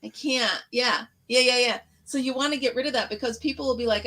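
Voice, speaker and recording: A woman's voice: fairly high pitch, fairly quick, pushed and bright. A middle-aged woman hosting a casual chat, laughing often and acting out little stories with quoted voices. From upstate New York. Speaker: host.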